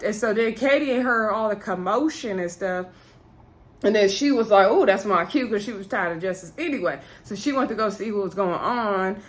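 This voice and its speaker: A young woman with a mid-range, fairly bright voice casually recaps a reality show. She acts out the cast's lines, chatting away with frequent "like" and "um".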